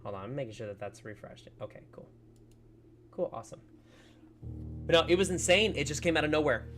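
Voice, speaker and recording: A man's voice: a little high, lively intonation, fairly quick, a bit bright, soft background music. A man chatting casually on his gaming livestream from home, greeting viewers by name and talking to his dogs. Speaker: livestreaming gamer.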